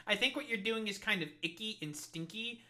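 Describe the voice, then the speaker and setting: A man putting on a whiny, fussy protest critic in a high nasal voice. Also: brisk, sharp tone.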